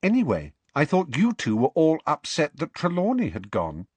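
A man voicing a crisp, dismissive schoolgirl who thinks she knows best. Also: fairly high pitch, wildly swooping pitch, moderate pace, a little mellow, no echo, voice pushed up, heavily acted. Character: cool, know-it-all schoolgirl.

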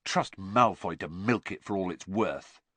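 A man reading aloud voicing a loyal, indignant teenage schoolboy who talks briskly. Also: low-pitched, fairly bright tone, no room sound.

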